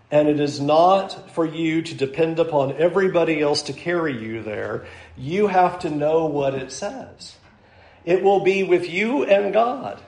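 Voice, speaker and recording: A man preaching a sermon in an emphatic way, hammering home his points with repetition and dry sarcasm. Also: a little high. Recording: roomy echo.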